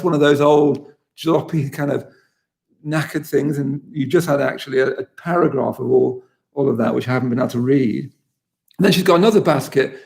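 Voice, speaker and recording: An earnest man with a slightly higher, gravelly voice, leading a reflective poetry talk. He muses aloud with warm enthusiasm and often restarts his sentences. He slows down to savour each quoted line. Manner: slows down and lingers over quoted lines. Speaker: resident poet leading a poetry session.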